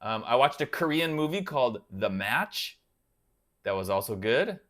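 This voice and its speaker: A man's voice: mid-range voice, normal speed. Laid-back man chatting with live viewers. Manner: relaxed, rambling, chatting with viewers by name. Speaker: guitar channel host reading live chat. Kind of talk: casual livestream chat.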